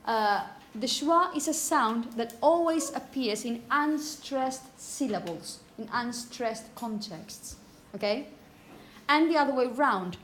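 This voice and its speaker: A woman's voice: fairly high pitch, a little hiss or hum. Patient woman teaching pronunciation. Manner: patient, checks in with "okay?" and repeats words slowly. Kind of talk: classroom phonetics lesson.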